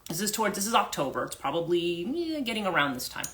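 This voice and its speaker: A woman's voice: on the low side, sing-song, fast talker, a bit bright. A woman who works as a life coach, retelling a story in a rambling, casual livestream chat with many restarts and self-corrections.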